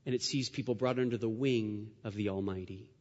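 A male pastor preaching a sermon, earnest and repetitive, building his phrases up to loud, emphatic rises. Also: on the low side, fairly even intonation, brisk. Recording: dull sound with long hall reverb.

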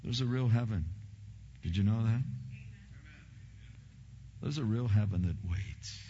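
A man's voice: lowish voice, unhurried, dark tone, highs cut off, slight background noise. A middle-aged male pastor preaching a sermon, moving from a personal story to fervent preaching.

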